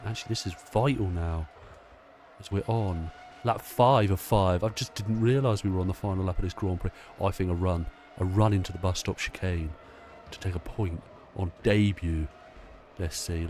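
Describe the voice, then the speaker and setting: A man narrates his racing game run with a slightly low voice, chatty and excitable as he calls each move. He swears casually and reacts out loud as he plays. Faint noise sits behind him. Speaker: gaming channel host.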